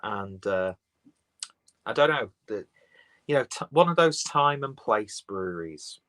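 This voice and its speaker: Male beer streamer, low-pitched, loose rambling chat, reads comments off his phone. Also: expressive, a little slow, a bit bright, poor audio. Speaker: beer reviewer live-streaming. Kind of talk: casual live-stream chat.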